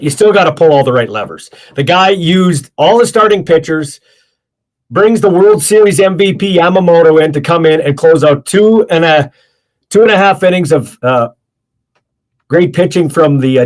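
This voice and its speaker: A middle-aged man hosting a casual sports talk show, opinionated and rambling with lots of fillers, sounding tired. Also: on the high side. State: tired, yawning.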